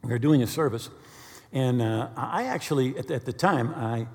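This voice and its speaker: A male pastor preaching a sermon, telling stories with animated bursts of quick speech. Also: medium pitch, big-room sound. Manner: animated storyteller, speeds up when excited.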